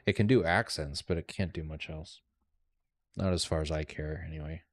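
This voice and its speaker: A man's voice: very deep voice, steady tone, moderate pace, no room sound. A man vlogging as he tests AI voice assistants, speaking bluntly and impatiently. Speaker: vlogger testing AI. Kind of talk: casual chat.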